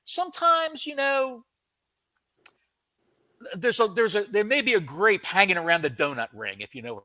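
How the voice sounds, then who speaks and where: A man co-hosting a podcast, telling a story in a casual, comic way with dramatic pauses. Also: high-pitched, lively intonation, pushed and bright, no room sound. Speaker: podcast co-host.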